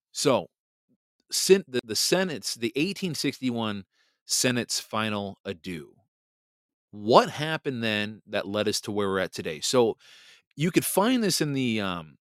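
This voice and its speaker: A man's voice: on the low side, no echo, clean studio sound. Chatty man hosting a podcast. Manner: chatty and animated, laughs often, reads aloud. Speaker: podcast host. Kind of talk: casual livestream chat, reading comments and history text.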